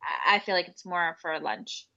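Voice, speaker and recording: A woman's voice: lowish voice, normal speed, gravelly, sharp tone, highs cut off. A woman co-hosting a podcast, chatting and teasing her co-host, often laughing. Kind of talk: casual chat.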